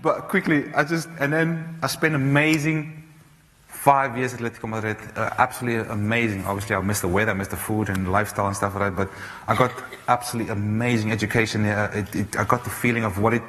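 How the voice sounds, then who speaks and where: A man in his thirties from South Africa, giving an animated storytelling talk on stage, full of restarts and fillers. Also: lowish voice, fast. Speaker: speaker. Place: large auditorium. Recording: reverberant hall, faint noise.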